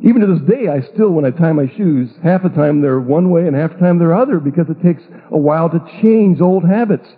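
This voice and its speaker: A man's voice: fairly high pitch, lively intonation, a little fast, few pauses, slightly rough. A middle-aged man, a pastor, telling a humorous, self-mocking story from his life. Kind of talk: storytelling testimony talk. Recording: tinny phone-like radio broadcast.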